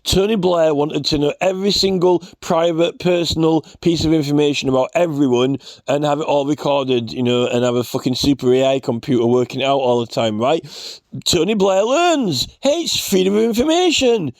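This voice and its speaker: A man's voice: on the high side, moderate pace, a little mellow, no echo. A man in a rambling, scornful ranting commentary, full of fillers and restarts. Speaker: vlogger.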